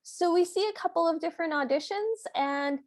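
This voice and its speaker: A woman's voice: very high voice, a little fast. A woman co-hosting a podcast, chatting casually and laughing as she retells a film. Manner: giggly, animated retelling. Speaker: podcast co-host. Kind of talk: casual chat recapping a film.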